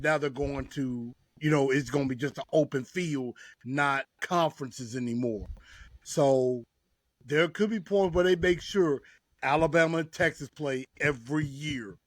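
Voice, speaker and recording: An easygoing man co-hosts a sports chat, his mid-pitched voice recorded dry and close. He talks loosely and leans on filler phrases as he works out his thoughts. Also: dry recording. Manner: easygoing, leans on "you know". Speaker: podcast co-host.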